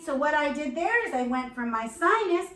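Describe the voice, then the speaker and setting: A woman's voice: high-pitched, very animated, normal speed. A woman vocal coach teaching a beginner singing lesson, encouraging and demonstrating sounds, with faint keyboard behind her. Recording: echoey room, recorded from a distance.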